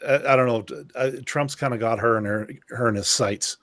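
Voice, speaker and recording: A man's voice: medium pitch, normal speed, fairly bright tone. A man co-hosting a podcast in casual political chat, rambling and searching for his words. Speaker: podcast co-host.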